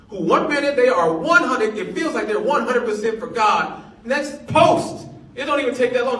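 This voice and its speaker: A man's voice: high-pitched, a bit bright. A man in his forties, a pastor telling a funny story in a sermon, playful and laughing often. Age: 40s. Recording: echoey room, mic at a distance.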